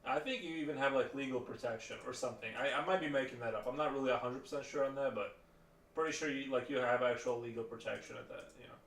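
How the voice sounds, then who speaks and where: Talking fast in a medium-pitched, fairly bright voice, a livestreamer chats casually and rambles, with many fillers and restarts. A distant mic gives a roomy sound with faint background noise.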